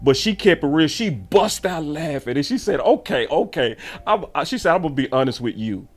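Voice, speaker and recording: A man telling a story in a casual, animated way and acting out the voices of the people he quotes. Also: on the high side, brisk. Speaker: sports show host.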